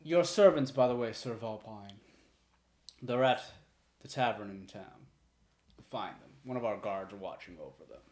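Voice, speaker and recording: A man's voice: lowish voice, moderate pace, a little mellow, lightly acted. A man voicing a practical male guard giving warnings and news, in a roomy space. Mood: matter-of-fact. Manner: matter-of-fact. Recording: roomy echo.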